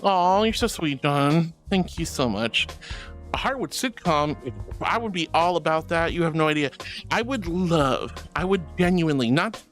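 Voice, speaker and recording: A man with a somewhat high voice streams a casual chat at a moderate pace, with faint music in the background. He reads out viewer messages and answers them in a gushing, affectionate way, calling people sweetie and honey. He's excitable, gasping and laughing often.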